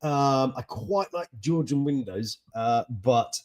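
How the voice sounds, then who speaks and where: A man hosting a casual, jokey news chat with laughing asides and a husky voice. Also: medium pitch, expressive, slow pace, darkish tone. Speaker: host.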